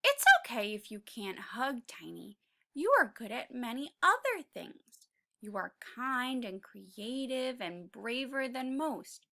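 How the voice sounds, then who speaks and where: A woman voicing a gentle, reassuring mother T. rex in a read-aloud picture book, speaking softly and slowly. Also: a little high, wildly swooping pitch, gravelly, heavily acted. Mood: tender, reassuring. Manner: soft, slow and comforting.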